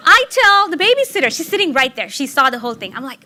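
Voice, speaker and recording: A middle-aged woman giving a personal storytelling talk, animated and laughing, acting out excited quotes. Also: high-pitched, fast, few pauses. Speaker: speaker giving a public talk.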